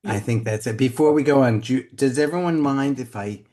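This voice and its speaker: A man's voice: medium pitch, a little fast, dark tone. A man who founded the group, speaking thoughtfully and with some hesitation on a video call. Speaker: organization founder. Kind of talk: casual video call chat.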